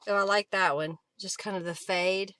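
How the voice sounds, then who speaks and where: A woman's voice: mid-range voice, fairly even intonation, normal speed, fairly bright tone, no room sound. A woman hosting a casual crafting live stream from her home craft room, chatting and thinking aloud as she works.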